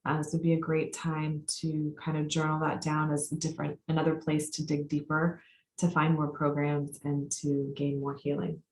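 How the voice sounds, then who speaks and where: A woman facilitator leading a group through a guided release exercise, speaking calmly and repeating her prompts with pauses. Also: deep voice, a little hiss or hum. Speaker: workshop facilitator and coach. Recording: echoey room sound.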